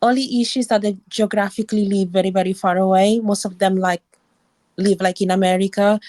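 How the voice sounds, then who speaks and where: A woman's voice: medium pitch, fairly even intonation, mellow, no room sound. British woman calling in from Cambridge. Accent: British English, Cambridge area. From England. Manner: measured, thoughtful, with many restarts. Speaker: nurse, caller in an audio chat room. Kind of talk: casual chat. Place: home, remote audio chat call.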